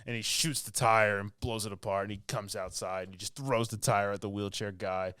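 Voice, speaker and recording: A man with a smooth, resonant voice rambles through a movie plot for his podcast, full of fillers and asides. The sound is close and dry, with no room around it. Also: on the low side, fairly even intonation, a little fast, bright, forceful tone, dry recording. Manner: rambling, filler-heavy storytelling with laughs. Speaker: podcast co-host. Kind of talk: casual movie recap.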